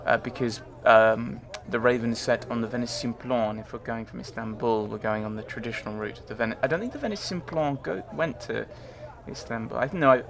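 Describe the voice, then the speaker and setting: A man's voice: mid-range voice, fairly even intonation, a little fast, gravelly, hardly any pauses, crowd noise. A man giving casual commentary on his gameplay, rambling and chatty, often mocking himself. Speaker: let's play host.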